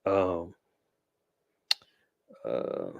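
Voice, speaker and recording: A man's voice: low voice, big pitch swings, drawn-out words, gravelly, a little mellow, dry recording, lo-fi sound. A man hosting a show, talking loosely about the news with slang and restarts. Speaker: podcast host. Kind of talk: casual commentary on news.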